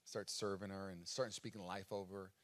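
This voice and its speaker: A man's voice: deep voice, little pitch movement, a little fast, fairly bright tone. A man preaching a sermon as pastor at a live church service, telling a story in a casual way with fillers.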